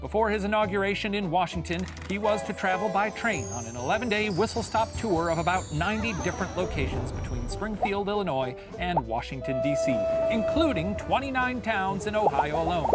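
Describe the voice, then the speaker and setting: A man hosting a comedic history quiz show, narrating in a theatrical, playful, quick manner. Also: sits high, lively intonation. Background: music.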